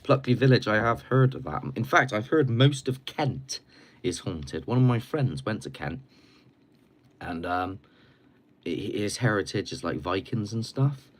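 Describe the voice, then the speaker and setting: A slightly hoarse man hosting a casual live stream chat at his computer, rambling along while sucking a cough sweet. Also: on the low side, lively intonation, a little slow. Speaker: livestream host.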